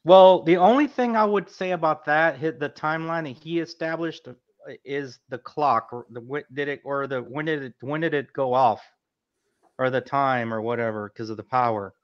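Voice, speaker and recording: A man's voice: medium pitch, normal speed. A man on a casual podcast panel, eager and talking over others while correcting himself. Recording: slightly dull lo-fi audio.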